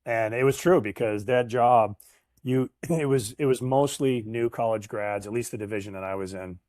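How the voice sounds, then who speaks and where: A man's voice: medium pitch, moderate pace, no room sound, studio quality. A middle-aged man, a sales professional, telling stories from his career in a casual interview and acting out the people he quotes. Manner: animated storyteller, acts out quoted voices.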